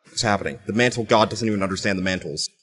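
A man's voice: on the low side, rapid-fire, fairly bright tone, husky. A young man casually commentating his own gameplay, teasing other players and laughing often. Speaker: gameplay streamer.

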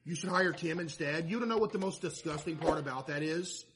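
A man streaming a game, chatting to his viewers in a mock-stressed, animated way. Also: on the high side, brisk, background noise. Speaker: streamer playing a laundromat game. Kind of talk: casual gameplay commentary to chat.

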